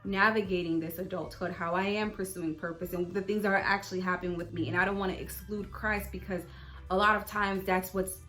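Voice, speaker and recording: A woman's voice: mid-range voice, steady tone, brisk, fairly bright tone, faint music behind. Chatty young woman vlogging candidly. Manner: candid, chatty, with many fillers. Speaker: channel host. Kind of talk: casual faith-based vlog talk.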